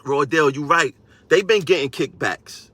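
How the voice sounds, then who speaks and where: A man rants on a live stream to his fellow transit workers, hammering each point by saying it twice. His voice is forceful and tense, pitched a bit high, and it sounds dry and close with no room echo. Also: measured pace. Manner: combative, repeats phrases for emphasis. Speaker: transit union member. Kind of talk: live-stream rant to viewers.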